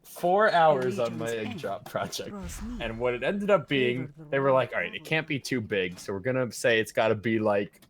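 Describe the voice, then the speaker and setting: A man's voice: medium pitch, expressive, normal speed. A man streaming, telling stories in a casual, profane, laughing way.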